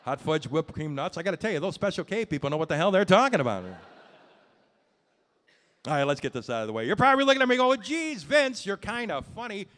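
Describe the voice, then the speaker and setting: A man's voice: a little high, big pitch swings, fast, pauses often, fairly bright tone. A man doing a stand-up comedy set on a club stage, brash and self-mocking, swearing through his punchlines.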